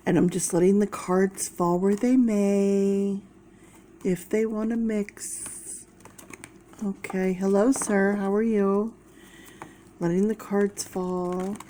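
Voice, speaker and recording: A woman's voice: lowish voice, dark tone, slight background noise. A woman giving a chatty, casual tarot reading to her viewers. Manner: slow, chatty, talking to viewers. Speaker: tarot reader.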